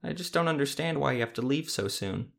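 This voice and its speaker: A man's voice: medium pitch, expressive, a little fast, vocal fry, voice pushed up. A man voicing a tearful young village boy who pleads and begs. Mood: pleading.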